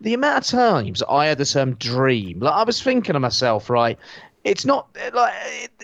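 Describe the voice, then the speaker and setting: A man's voice: a little high, huge pitch swings, normal speed, a bit bright, dry recording, lo-fi sound. A British man hosting a podcast from his sofa, ranting sarcastically and swearing freely in casual chat. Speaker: podcast host. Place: at home on a sofa.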